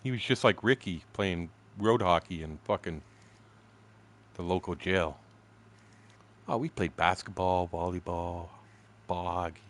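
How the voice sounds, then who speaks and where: A man's voice: low voice, a little slow, pauses often, fairly bright tone. A man in his sixties, a gaming streamer telling a crude, profane anecdote in a casual, chuckling way. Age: 60s. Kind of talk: casual storytelling while streaming.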